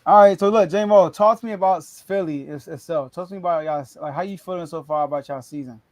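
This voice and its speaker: A man's voice: fairly high pitch, fast, a little mellow, no room sound. A man hosting a sports podcast, upbeat and prompting his guest with questions. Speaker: podcast host. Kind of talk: casual sports talk. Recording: dry close mic.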